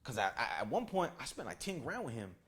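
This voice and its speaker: A man's voice: medium pitch, quick pace. A man telling a story straight to camera at home, casual and full of swearing, acting out the voices of the people in it. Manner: animated, swears a lot, acts out voices of people in his story. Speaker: storytime vlogger. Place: at home, indoor room with lights rigged. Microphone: camera mic.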